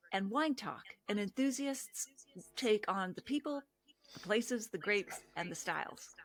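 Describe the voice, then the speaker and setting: A middle-aged woman hosts a podcast in an upbeat, enthusiastic way, laughing often as she chats. Her voice sits at an everyday pitch. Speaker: podcast host. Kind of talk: interview host intro and chat.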